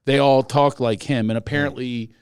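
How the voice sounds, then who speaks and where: A man's voice: medium pitch, fairly even intonation, moderate pace, darkish tone, smooth. A man hosting a podcast in casual chat, joking and playful. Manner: playful, jokey, slips into impressions. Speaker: podcast host, comedian.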